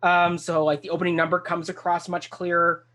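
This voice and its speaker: An eager talk show host who rambles happily through a casual discussion. Sentences often restart mid-thought. The voice sits at a middling pitch. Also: level tone, fairly quick, fairly bright tone. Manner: enthusiastic, rambling and full of restarts. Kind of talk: casual discussion of a stage musical.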